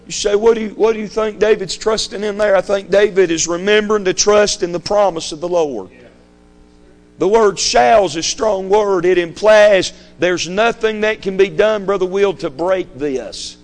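A man's voice: high voice, normal speed, faint music behind. A man preaching a fiery sermon, emphatic and repetitive, hammering his points home. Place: church sanctuary.

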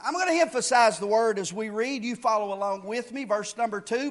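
A man preaching a fiery sermon, shouting key lines and then dropping low to explain, repeating phrases for emphasis. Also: fairly quick, few pauses.

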